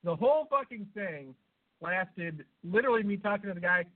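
A man with a high-pitched, animated voice co-hosts a podcast at normal speed, laughing at his own jokes as he rambles through crude banter. He sounds stuffed up from a cold, and the audio has a tinny, phone-like quality.

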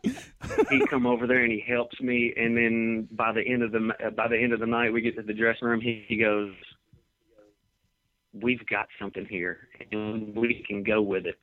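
A man with a somewhat low voice tells long, laid-back anecdotes in a casual interview. He comes through a narrow, phone-like line. The sound is dry and close, with no room around it. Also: level tone, normal speed, no room sound. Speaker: professional wrestler guest.

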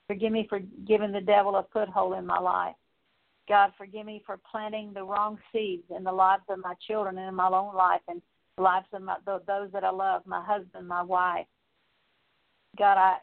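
A woman's voice: mid-range voice, creaky. A woman leading an earnest, repetitive spoken prayer of confession, with occasional fillers. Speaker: prayer leader. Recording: tinny phone-like audio.

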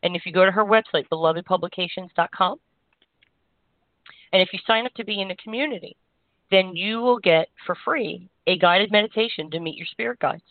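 Woman, energy healer, soft reassuring guidance, rambling and warm-hearted, tinny phone sound, dry. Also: fairly low pitch, brisk, dry recording. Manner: gentle, reassuring, meandering with frequent "you know". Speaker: energy healer and show host. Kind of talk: spiritual guidance on a call-in show.

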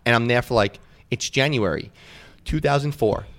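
A man in his thirties hosting a podcast, telling stories in an animated, profane way and acting out the quotes in casual chat. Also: medium pitch, normal speed, creaky. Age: 30s. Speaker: podcast host.

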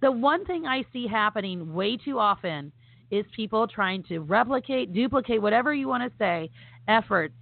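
A woman's voice: a little high, expressive, moderate pace, creaky, dry recording. A woman co-hosting a casual podcast chat, talking with enthusiasm and emphasis, with many fillers. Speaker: podcast co-host. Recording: phone-like audio with faint noise.

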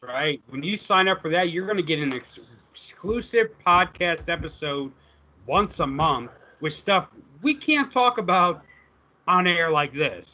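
A man's voice: a little high, lively intonation, unhurried. A man co-hosting a casual podcast, easygoing and plugging the show's membership, over a tinny phone-like line. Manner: easygoing sidekick, plugs the show. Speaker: podcast co-host.

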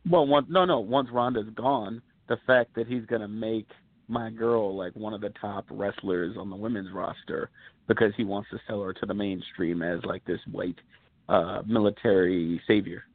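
A man's voice: lowish voice, normal speed. Man, rambling storyteller, wrestling podcast co-host, phone-quality audio. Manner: rambling, animated storytelling with fillers. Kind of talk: casual wrestling talk. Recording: tinny phone-like line.

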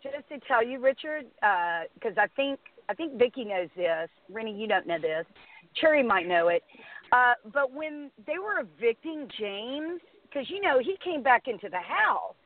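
A middle-aged woman hosting a casual chat, telling stories in an animated way and acting out what others said. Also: on the high side, normal speed. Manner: animated storyteller, acts out quotes. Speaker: host. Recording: tinny phone line.

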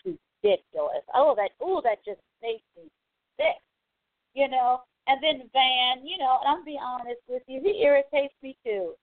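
A woman hosting a call-in show, giving blunt, animated commentary and swearing freely. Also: high voice, moderate pace, dry recording. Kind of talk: casual opinionated commentary. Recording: tinny phone-line audio.

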